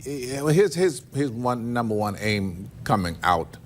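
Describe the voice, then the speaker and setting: A man's voice: medium pitch, lively intonation, unhurried, slight background noise. A man guest on a late-night talk show in a TV studio, dryly teasing and hesitating with fillers as he thinks. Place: TV studio with a live audience.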